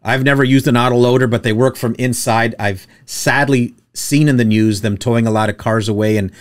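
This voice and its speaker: A man's voice: medium pitch, steady tone, brisk. Guy hosting a chatty podcast, tells stories, jokey, does little voices for people he quotes. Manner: storytelling, jokey, acts out quotes in raised voices. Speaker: podcast host, tow truck operator. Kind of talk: casual podcast chat. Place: studio with producer present.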